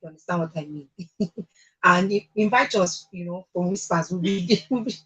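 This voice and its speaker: Nigerian woman, radio host, husky and low, earnest chatty advice. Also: moderate pace, poor audio. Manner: earnest, chatty, with fillers and laughs. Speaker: radio talk show host. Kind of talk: casual advice talk.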